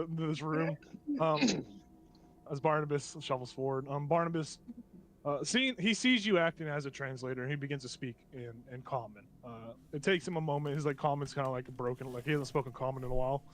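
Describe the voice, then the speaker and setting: A man's voice: a little high, fairly bright tone. Man narrating a tabletop game. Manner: chuckles and restarts while narrating. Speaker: game master.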